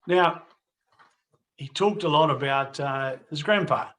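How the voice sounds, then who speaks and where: Speaking slowly, a middle-aged man with a slightly high, fairly bright voice hosts a casual video interview. He closes with a wrap-up to viewers, rambling and repeating and restarting his phrases along the way.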